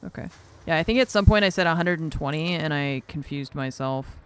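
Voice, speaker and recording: A woman's voice: deep voice, fairly quick, slight background noise. Flustered woman streamer thinking aloud. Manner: thinking aloud, flustered by numbers, self-mocking. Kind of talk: casual gameplay commentary.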